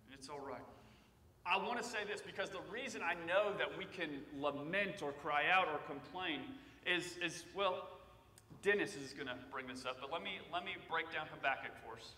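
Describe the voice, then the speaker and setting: In a church sanctuary, a man with a high, bright voice preaches a sermon at a moderate pace, speaking conversationally before building to loud cries on the passages he quotes. The distant mic picks up a long, echoey church reverb and slight background noise.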